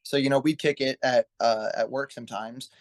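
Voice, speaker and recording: A man's voice: mid-range voice, fairly even intonation, fairly quick. A man in his twenties, a pro wrestler guest in a casual interview, telling his story in an earnest, rambling way and often correcting himself. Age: 20s.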